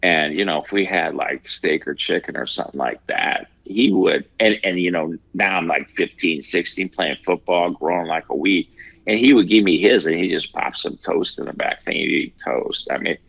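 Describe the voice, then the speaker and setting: A man in his sixties from Ohio, a guest talking casually in an interview, halting and reflective with many fillers and restarts. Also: sits low, vocal fry, a bit bright, breathy edge, no echo, lo-fi sound. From Ohio, USA.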